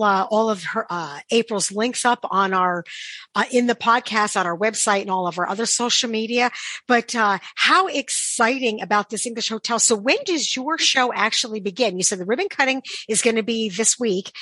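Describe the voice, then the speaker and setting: A woman's voice: fairly high pitch, pushed and bright, breathy edge, dry recording. A woman hosting a podcast, upbeat and enthusiastic, thanking and questioning her guest. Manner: upbeat, enthusiastic, repeats phrases. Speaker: podcast host. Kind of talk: casual podcast chat.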